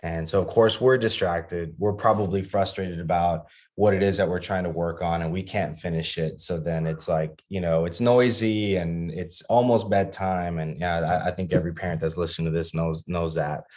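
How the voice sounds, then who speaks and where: A man's voice: low-pitched, darkish tone. A man in his thirties talking as a guest on a podcast about being a father, earnest and reflective, with many restarts and fillers.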